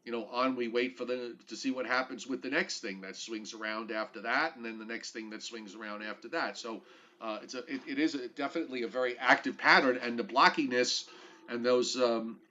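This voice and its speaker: A man's voice: mid-range voice, fairly quick, pushed and bright, dull audio. A man hosting a weather show, talking through forecast maps in a casual, joking way with many fillers.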